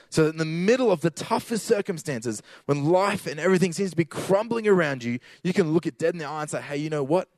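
A man's voice: on the high side, expressive, fast talker, hardly any pauses, a little mellow, dry recording. A man giving a casual sermon with slang, building to emphatic repeated lines.

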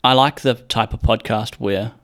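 A man's voice: mid-range voice, fairly even intonation, moderate pace, fairly bright tone. Rambling, joking young man podcaster. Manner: rambling, profane, jokey, acts out quotes. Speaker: podcast host. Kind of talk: casual solo podcast rambling.

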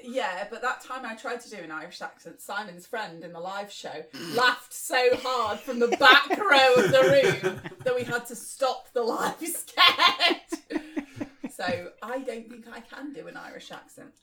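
A woman's voice: a little high, expressive, measured pace, bright, forceful tone, a little hiss or hum. A woman with a mild northern English accent, bantering and self-mocking in a comedy podcast. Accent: mildly northern English. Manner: self-mocking, laughs often. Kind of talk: casual banter.

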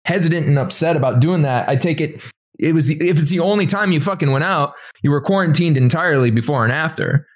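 A man's voice: on the high side, quick pace. A man on a podcast asking probing questions casually, with filler words. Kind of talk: casual chat.

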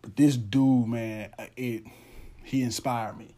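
A man's voice: mid-range voice, fairly even intonation, slow, warm tone. A young man hosting a podcast, telling a heartfelt story in a loose, earnest monologue that often restarts its sentences. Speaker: podcast host. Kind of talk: casual monologue.

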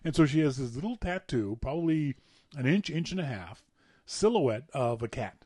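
A man's voice: medium pitch, normal speed, dry recording. A man co-hosting a podcast, telling stories in a playful, laughing way. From Canada. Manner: animated, playful storyteller who laughs at his own tales. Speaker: podcast co-host. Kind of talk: casual storytelling chat.

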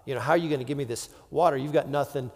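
A man's voice: medium pitch, rapid-fire, darkish tone, in a large hall, natural voice. A man playing a puzzled, skeptical woman at a well, hesitant and doubtful, in a sermon retelling.

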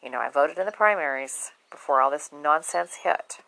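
Blunt low-voiced woman. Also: expressive, moderate pace, vocal fry, a bit bright, rough recording. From southern United States. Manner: blunt, outspoken, swears freely. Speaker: vlogger. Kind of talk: casual monologue to camera.

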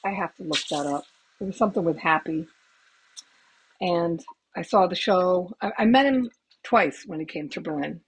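Chatty storytelling woman with a low voice. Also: moderate pace, long pauses, slightly rough, low-quality recording. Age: middle-aged. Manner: chatty, swearing, laughing asides. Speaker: podcast host. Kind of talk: casual storytelling. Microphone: headset microphone.

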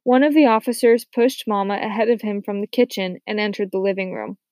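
Female narrator for a children's novel: steady, soft-spoken, mid-pitched, recorded dry and close. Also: brisk, no echo. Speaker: audiobook narrator. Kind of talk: scripted narration.

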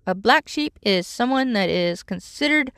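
A woman's voice: fairly high pitch, animated, moderate pace, a bit bright, smooth, no echo, clean studio sound. A middle-aged woman vlogging casually, telling a rambling, exasperated story about her troubles. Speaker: vlogger living in her vehicle. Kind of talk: casual chat.

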